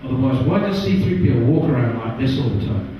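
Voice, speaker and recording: An English man doing a stand-up comedy set on a pub stage, animated and jumping into high voices for characters. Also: fast, slight background noise. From England. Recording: distant, roomy and muffled pub recording.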